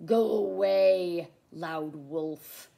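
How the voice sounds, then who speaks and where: Storybook figure: big grumpy male cave creature, loud and huffing, put on by a woman reading aloud. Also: lowish voice, animated, slow pace, creaky, heavily acted.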